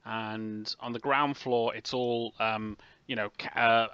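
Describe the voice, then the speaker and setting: Casting note: male game master, halting narration, bright voice, dry and slightly lo-fi mic. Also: mid-range voice, steady tone, smooth, dry recording. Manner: hesitant, many ums and restarts.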